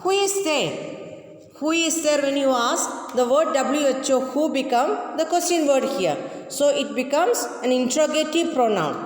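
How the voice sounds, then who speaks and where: A woman teacher giving a grammar lesson, repeating each example sentence slowly. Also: sits high, expressive. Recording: echoey room with long reverb.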